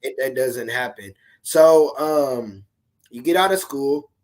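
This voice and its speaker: Blunt, animated man in casual talk. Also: mid-range voice, takes it slowly. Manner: blunt, animated storytelling with colloquial speech. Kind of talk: casual conversational chat.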